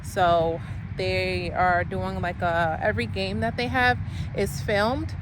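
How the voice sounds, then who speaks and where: Chatty mom vlogging over car noise. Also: female voice, lowish voice, fairly even intonation, slow pace. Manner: chatty, rambling with many fillers. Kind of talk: casual vlog chat. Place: in and around a car, outdoors. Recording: noisy outdoor and car ambience.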